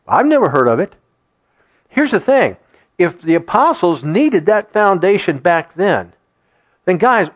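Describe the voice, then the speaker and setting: A middle-aged man preaching a sermon to his congregation in an animated, conversational way. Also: sits high. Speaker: pastor. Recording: dull lo-fi sound.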